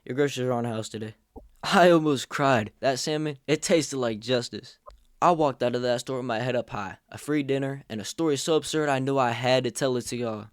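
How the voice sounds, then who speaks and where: In a mid-range voice at a moderate pace, a young adult man hosts a storytime vlog played for laughs, full of sarcastic quips. The sound is clean studio audio with no echo.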